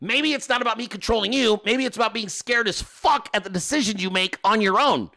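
A man with a high, bright, forceful voice tells a story as a podcast host. He is animated and exasperated, and he curses heavily as he rants. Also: brisk. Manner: animated, exasperated, heavy cursing. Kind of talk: profane storytelling rant.

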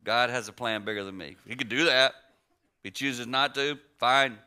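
Bright-voiced man in his sixties preaching. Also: mid-range voice, moderate pace, clean tone. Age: 60s. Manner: conversational, swinging between hushed and emphatic. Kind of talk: storytelling sermon.

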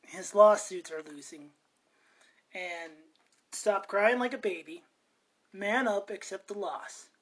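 A woman talks through her opinions in a loose, rambling podcast monologue. She starts sentences over and trails off, and her pitch stays middling. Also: takes it slowly, pauses often, slightly rough. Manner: chatty, meandering, self-interrupting. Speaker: podcast host. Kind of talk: casual ranting monologue.

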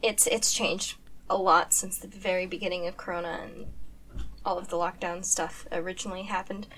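A woman, a guest on a podcast, chatting casually and pausing to search for words. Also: on the low side, level tone, fairly bright tone, far from the mic, slight background noise. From United States.

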